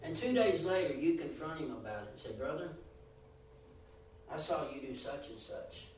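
A man preaches a sermon in a high-pitched voice, swinging his emphasis up and down and acting out the voices he quotes. He sounds set back from the mic in a strongly echoing room with faint noise behind. The recording is roomy and distant. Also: expressive, normal speed.

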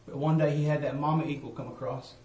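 A man preaching a testimony sermon and calling out to the congregation, switching between loud bursts and hushed asides. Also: on the high side, fairly even intonation, quick pace, echoey room, recorded from a distance, poor audio.

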